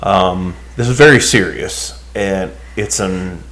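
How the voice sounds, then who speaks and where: A man's voice: low-pitched, takes it slowly, a bit bright. A man co-hosting a podcast in casual chat, rambling and hesitant, restarting his sentences often. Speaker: podcast co-host.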